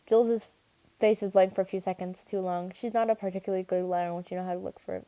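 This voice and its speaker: A woman reading a first-person young adult novel aloud, steady and clear, with the odd restart. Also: mid-range voice, fast. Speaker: audiobook reader. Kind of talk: first-person audiobook narration.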